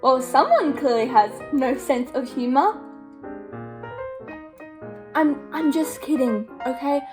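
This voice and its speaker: A woman's voice: high-pitched, animated, slow, over music. A teenage girl performing a comic solo stage scene as a gushing, exasperated reality show host. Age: teens. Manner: dramatic, gushing, exasperated asides. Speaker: student actor playing a reality show host.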